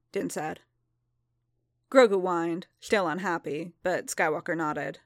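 A woman narrating a story aloud in an even, calm reading voice. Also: lowish voice, measured pace, dry recording, studio quality. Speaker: reader.

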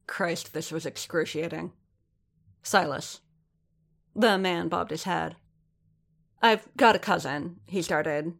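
A woman narrating an audiobook in a measured, steady reading voice. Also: lowish voice.

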